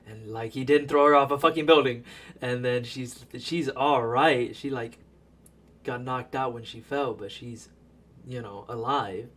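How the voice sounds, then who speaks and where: A man giving a casual, profane recap of a movie as a voice-over, animated and laughing as he tells it. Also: medium pitch, measured pace. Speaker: video creator.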